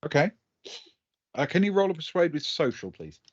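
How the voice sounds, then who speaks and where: A man's voice: a little high, big pitch swings, moderate pace. A man narrating a tabletop game as game master, hesitant and full of ums and restarts. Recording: dull lo-fi audio.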